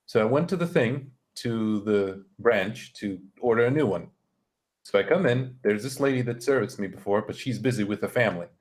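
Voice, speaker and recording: A man's voice: lowish voice, normal speed. A young man on a stream telling a story in a loose, casual way, swearing and sounding exasperated.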